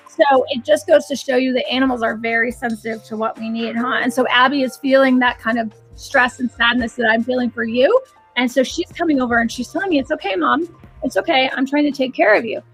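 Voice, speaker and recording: A woman's voice: fairly high pitch, a bit bright. A woman hosting a live psychic reading stream, talking in a chatty, rambling way and often restarting her sentences. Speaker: psychic and animal communicator host.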